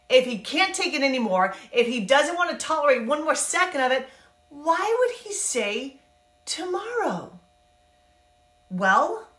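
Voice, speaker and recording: A woman giving a casual, animated Bible talk, chatty and acting out characters in quick asides. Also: high-pitched, echoey room. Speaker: Bible teacher and life coach. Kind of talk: casual Bible teaching to camera.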